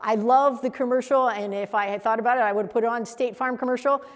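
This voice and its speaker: A woman leading a coaching workshop for a live group, animated and acting out example voices as she teaches. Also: a little high, quick pace. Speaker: coach trainer. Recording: echoey hall reverb.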